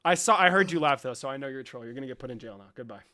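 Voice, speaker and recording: A man's voice: medium pitch, animated, racing, sharp tone, a little hiss or hum. An American man hosting a live stream in casual chat, teasing and joking crudely with callers. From United States. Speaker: streamer and host.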